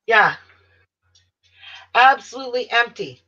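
A woman's voice: a little high, lively intonation, takes it slowly, bright, forceful tone. A woman hosting a casual live-stream chat from indoors at home, talking in a rambling way with lots of restarts and trailing off. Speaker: quilting channel host. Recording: dull lo-fi audio, faint noise.

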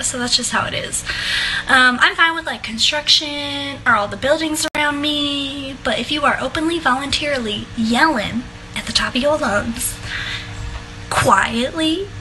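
A woman's voice: sits high, moderate pace, pushed and bright, soft background music, poor audio. A young woman chatting casually to her viewers on a livestream from her apartment, laughing often and filling her talk with likes and ums. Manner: giggly, laughs often, filler-heavy chatter. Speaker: online seller hosting a livestream. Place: home apartment.

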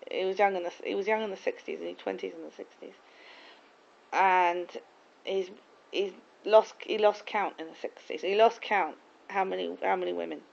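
A woman's voice: medium pitch, fairly even intonation, normal speed, creaky, darkish tone. A woman in casual chat, telling rambling, gossipy stories full of restarts. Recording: dull lo-fi recording.

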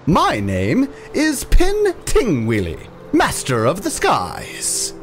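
A tiny male fairy acrobat struts through every line, high and shrill, his pitch leaping wildly as he brags. Bombastic and quick to take offense, he treats every remark as an audience. A dash of faint background music sits under his tabletop game scene. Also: wildly swooping pitch, full character voice. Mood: boastful. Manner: bombastic, showy, easily offended.

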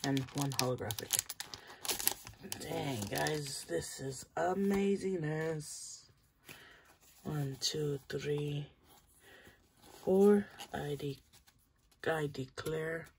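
A channel host giving casual commentary while opening trading cards, chatty and talking straight to the viewers, with bursts of excitement over good pulls. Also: medium pitch, extremely slow, vocal fry, pauses often, background noise.

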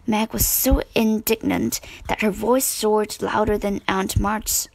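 A woman reading a children's storybook aloud as narrator, slow and measured. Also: medium pitch, gravelly, poor audio.

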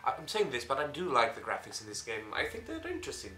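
A young man hosting a let's play, cracking jokes and cursing as he reacts to the game. His voice is bright and pitched a little high, and it swings around a lot. The room is echoey, with a faint hiss underneath. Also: huge pitch swings, quick pace. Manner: joking, swearing, laughs often. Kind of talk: game commentary.

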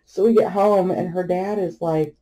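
Mellow-voiced woman telling a chatty story. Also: fairly low pitch. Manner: chatty storyteller, laughs often, animated retelling. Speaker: crafting vlogger. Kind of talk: casual anecdote while crafting.

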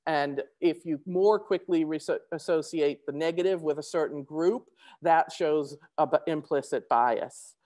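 Fast-talking woman presenter, low voice. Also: dark tone. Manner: fast-talking, many restarts and fillers. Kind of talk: conference presentation.

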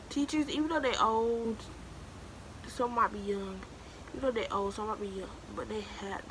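Against a noisy background, a young woman in her late teens with a medium-pitched voice gives new students emphatic, casual advice to the camera. Preachy in manner, she repeats herself for emphasis and keeps calling the listener "baby."

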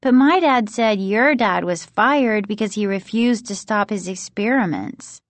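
A woman's voice: mid-range voice, a little slow, no room sound, lightly acted. A woman voicing a blunt, gossipy preteen girl friend in an audiobook reading. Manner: blunt, confiding.

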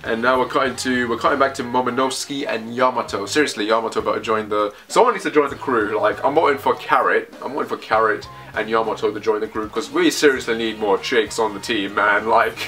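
Bright-voiced man rambling through a reaction. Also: medium pitch, a little fast, hardly any pauses, soft background music. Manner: rambling, thinking aloud, excitable. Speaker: manga reaction host. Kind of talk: casual reaction commentary, reading a comic aloud.

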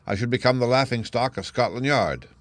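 A man voicing a practical, skeptical male police inspector in an audiobook, blunt and doubtful, lifting his pitch for the part. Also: a little fast, dry recording, lightly acted. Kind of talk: audiobook character reading.

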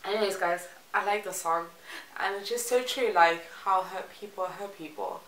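A woman's voice: mid-range voice, normal speed, fairly bright tone, a little hiss or hum. A woman from South Africa chatting casually in a reaction vlog, rambling and laughing between phrases. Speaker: reaction vlogger. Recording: roomy echo with music faintly behind.

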